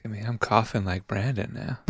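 A man's voice: fairly low pitch, fairly even intonation, fairly quick, breathy edge, dry recording, studio quality. A man co-hosting a podcast, chatting casually in a wry, quippy manner. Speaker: podcast co-host. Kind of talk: casual comedy chat.

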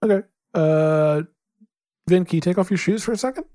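A man's voice: high-pitched, normal speed, noisy background. A young man co-hosting a scripted comedy podcast, easygoing and chatty. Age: young adult. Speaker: podcast co-host.

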